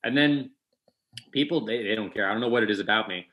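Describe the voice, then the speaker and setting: A man's voice: lowish voice, fast talker, dull audio. A young man with a New York accent, a comedian guest telling funny stories in casual chat and acting out the voices of the people in them. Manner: animated, acts out voices in his stories.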